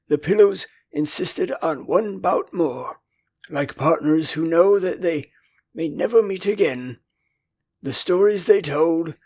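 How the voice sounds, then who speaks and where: Husky, gravelly older English narrator. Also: male voice, on the high side. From England. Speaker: audiobook narrator. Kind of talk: scripted storybook narration.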